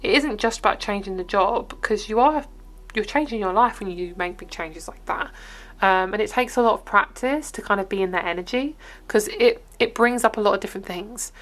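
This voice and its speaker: A young woman with an English accent talks her way through a tarot reading to camera. She is chatty and upbeat and rambles from one thought to the next, with a pitch that sits in the middle for a woman. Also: fairly quick, fairly bright tone. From England. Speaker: tarot reader.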